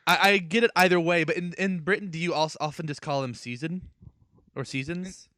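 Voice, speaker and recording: A man co-hosting a casual comedy podcast, teasing his partner with quick jokey quips. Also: on the high side, sharp tone, no room sound, studio quality. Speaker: podcast co-host.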